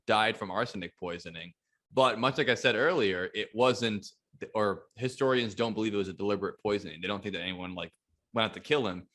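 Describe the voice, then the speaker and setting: A man's voice: lowish voice, a bit bright. A man co-hosting a podcast in casual chat, with joking, profane banter. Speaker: podcast co-host.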